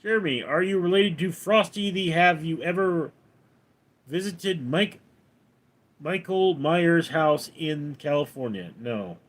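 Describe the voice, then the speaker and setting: A man hosting a livestream, reading viewer comments aloud and answering them in a deadpan, offhand way. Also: a little high, slow pace. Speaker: livestream host reading chat. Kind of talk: casual livestream chat.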